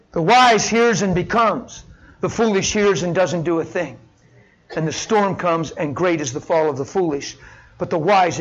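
A middle-aged male pastor delivering a sermon with a notably high-pitched voice. He swings from hushed, near-whispered lines to loud, impassioned shouting as he drives his points home. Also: rough recording.

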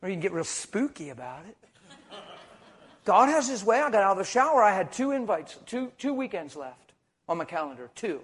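Middle aged preacher guy, pretty high voice, goes quiet then loud, storytelling sermon. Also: a little fast, slightly rough. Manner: storytelling, animated, swings between hushed asides and loud emphasis. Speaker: traveling preacher.

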